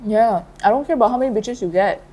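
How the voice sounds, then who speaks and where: A woman's voice: medium pitch, quick pace, mellow, rough recording. A woman co-hosting a podcast in casual chat, blunt and emphatic as she rants. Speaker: podcast co-host.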